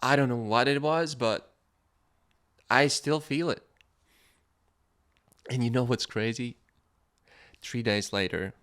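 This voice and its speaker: A male podcast host narrates a personal story casually on his own, at medium pitch, taking his time and pausing often. In places he's animated and laughing; elsewhere he grows quiet and reflective.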